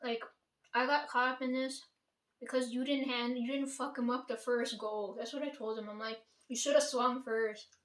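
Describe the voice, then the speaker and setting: A young woman talks casually, swearing freely and tagging "right?" onto her sentences. Her voice sits a little high and stays fairly flat in pitch. She is heard from some distance in an echoey room. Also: normal speed. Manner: rambling, profane, many "like" and "right?". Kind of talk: casual dream retelling. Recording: echoey room, voice far from mic.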